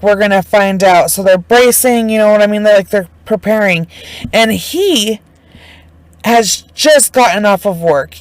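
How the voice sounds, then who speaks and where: A woman's voice: mid-range voice, a little mellow, dry recording, poor audio. A woman casually retelling a true crime case, chatty and indignant, full of fillers and swearing. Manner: emotionally invested, indignant.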